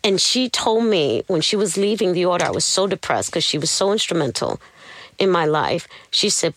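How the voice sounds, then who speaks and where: A woman's voice: fairly low pitch, moderate pace, no echo. Candid woman recounting her past, dry sound. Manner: candid, animated, tells her story acting out what others said. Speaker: interview guest. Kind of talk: personal storytelling.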